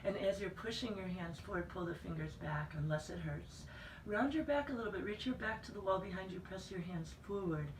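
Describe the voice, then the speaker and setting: A woman fitness instructor leading a guided plank workout, giving calm cues and reminding listeners to breathe. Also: medium pitch, brisk, few pauses, a little hiss or hum. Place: fitness center room. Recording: echoey room from a distance.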